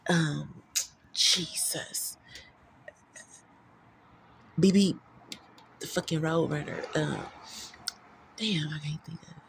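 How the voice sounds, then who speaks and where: A woman's voice: sits low, fairly even intonation, slow pace, gravelly, long pauses, fairly bright tone, slight background noise. A woman talking casually into her phone camera, telling personal stories in a rambling, candid, profane way, full of slang. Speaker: vlogger.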